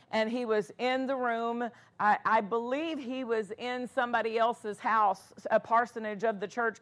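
Lady pastor preaching, earnest, kinda high voice. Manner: earnest preaching with frequent restarts. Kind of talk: sermon.

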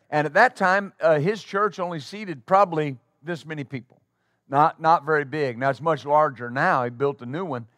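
A male pastor preaching a sermon to his congregation in a church, talking conversationally and then breaking into loud exclamations. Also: fairly high pitch, no echo. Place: church sanctuary before a congregation.

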